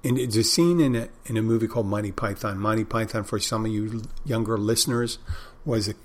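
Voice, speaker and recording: A man's voice: fairly low pitch, a little fast. A man hosting a show, talking to his listeners in a casual, meandering monologue that often stops to correct itself and lose its thread. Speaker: podcast host.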